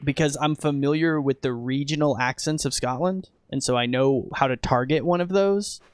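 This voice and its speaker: A man commentating casually as he streams a game, chatting with viewers, excitable and profane. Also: mid-range voice, normal speed, smooth, dry recording. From United States.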